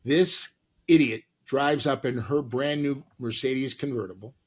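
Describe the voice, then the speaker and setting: A man, an actor and comedian, telling lively stories as a podcast guest and acting out the people in them. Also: mid-range voice, unhurried. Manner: lively, acts out voices in his stories. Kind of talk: animated storytelling.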